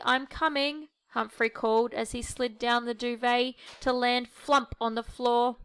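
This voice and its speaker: A woman reading a children's picture book aloud in a gentle, expressive way. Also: a little high, vocal fry, smooth. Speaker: storyteller.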